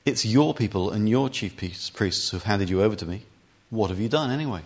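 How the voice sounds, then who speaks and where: A man's voice: lowish voice, expressive, fairly quick. A man voicing an uneasy, stern Roman governor who questions and presses, in a scripture reading.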